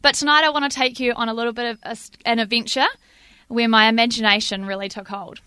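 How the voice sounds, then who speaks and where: Bright-voiced New woman telling a story. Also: a little high, clean tone, dry recording. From New Zealand. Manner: lively, self-mocking, dramatic pauses. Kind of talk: spoken storytelling to a live audience.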